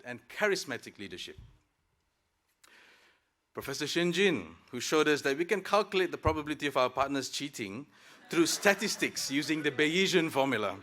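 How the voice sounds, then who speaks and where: A Malaysian man, the graduating student speaker, gives a convocation speech to his classmates in a ceremony hall. His voice is a little high and a bit bright, and his address is reflective and lightly humorous.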